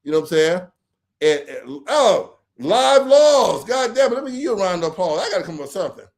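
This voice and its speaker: A man hosting a late-night livestream, talking in a rambling, profane, animated way. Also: high-pitched, brisk. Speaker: livestream host.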